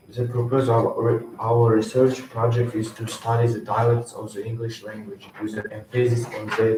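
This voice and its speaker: A young man gives a school research talk in a flat, even voice. He stumbles and restarts as he reads from slides. He is picked up from across a roomy, echoing space with steady background noise. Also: lowish voice. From Kazakhstan. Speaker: student presenter. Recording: echoey room, distant mic, noisy.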